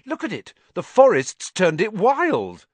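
A man putting on a skittish teenage boy wizard for an audiobook, voice pushed up high and cracking. He jumps all over the pitch range between alarm and glee, recorded dry and close. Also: wildly swooping pitch, moderate pace, a bit bright, slightly rough, no echo, full character voice. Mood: excited. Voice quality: high, breaking voice. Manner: panicky, then giddy and delighted. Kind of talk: audiobook character voice.

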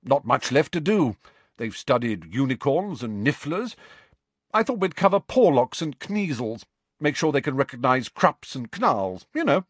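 A man voicing a hearty, brisk older woman teacher who talks in a loud, jolly way. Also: mid-range voice, very animated, breathy edge, no echo, voice pushed up.

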